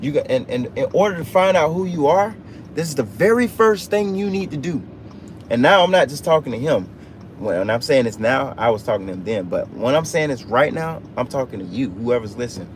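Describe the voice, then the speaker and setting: A man's voice: medium pitch, expressive, brisk. A man giving an off-the-cuff motivational talk on a livestream, driving his points home with emphatic, repetitive phrasing. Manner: emphatic, repetitive preaching cadence. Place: inside a truck. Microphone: phone livestream. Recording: noisy vehicle cabin sound.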